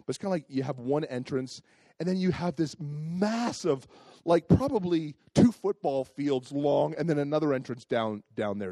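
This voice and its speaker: A pastor delivers a sermon, animatedly recounting a personal story and acting out the voices of the people involved. His voice is medium-pitched, and the recording has no echo.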